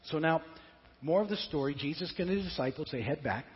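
A fairly high-voiced male pastor preaching in a reverberant hall, recorded on dull, lo-fi audio. He retells the story in a loose, conversational way, often stumbling over and repeating his words. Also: fairly quick, slight background noise. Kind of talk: sermon. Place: church sanctuary.

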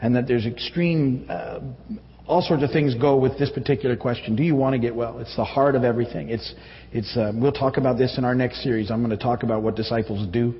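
A man preaching a conversational sermon to his church, halting often with fillers and restarts. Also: mid-range voice, steady tone. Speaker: pastor. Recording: echoey hall, dull audio.

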